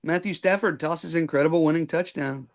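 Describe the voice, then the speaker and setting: A podcast host with a fairly quick, higher-pitched voice recaps a reality show in casual chat. His play-by-play rambles, packed with ums and likes.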